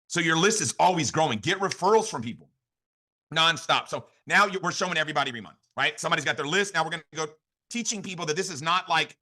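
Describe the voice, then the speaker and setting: An American man delivers a motivational training talk at a fast clip, his voice bright and sharp. He drives each point home and keeps asking his listeners "right?" as he goes. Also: fairly high pitch. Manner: rapid, energetic, repeats "right?" to the audience. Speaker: network marketing leader training his team.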